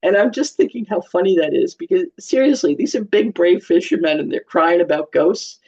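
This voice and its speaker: A woman's voice: fairly low pitch, animated, brisk, dark tone, breathy edge. Chatty woman teaching with humor, dull recording. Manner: chatty, humorous, laughs often. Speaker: church teacher. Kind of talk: informal Bible teaching. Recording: slightly dull lo-fi sound.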